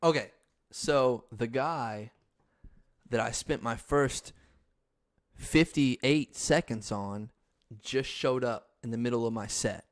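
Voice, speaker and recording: A young man hosting a podcast, telling a story in a frantic, excitable, swearing casual chat. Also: medium pitch, slow, long pauses. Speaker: podcast host.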